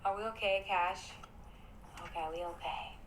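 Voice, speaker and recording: A young woman livestreaming from her home, talking to her viewers in a jumpy, excitable way and pleading with them and her dog. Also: medium pitch, unhurried, background noise. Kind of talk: casual livestream chat. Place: home at night.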